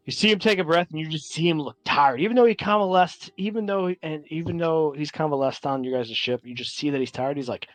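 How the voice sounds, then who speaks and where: A man's voice: fairly high pitch, brisk, few pauses, dry recording, faint music behind. A man narrating as game master of a tabletop game, talking loosely with many fillers.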